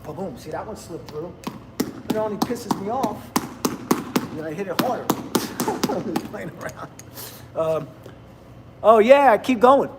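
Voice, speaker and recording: A man's voice: high voice, animated, slow pace, long pauses, heavy background noise. A man, rambling bluntly and laughing often in casual livestream chat with viewers. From New Jersey, USA. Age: 50s. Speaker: livestream host.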